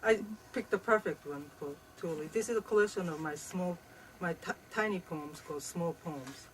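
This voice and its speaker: Soft-spoken woman, native Japanese speaker. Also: lowish voice, far from the mic, a little hiss or hum, rough recording. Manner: soft-spoken, halting, many fillers. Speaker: poet and painter. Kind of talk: casual conversation, introducing her poems. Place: home.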